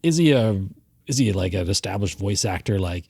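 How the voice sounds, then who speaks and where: A man co-hosting a casual film review podcast, chatty and quick to laugh at himself. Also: lowish voice, lively intonation, gravelly, darkish tone, breathy edge, no room sound, clean studio sound. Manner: chatty, self-deprecating, laughs easily. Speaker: podcast co-host.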